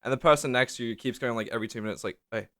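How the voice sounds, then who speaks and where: A man's voice: mid-range voice, very fast, fairly bright tone. A young man in a casual vlog monologue, rambling and joking with crude humor. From Australia. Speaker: YouTuber.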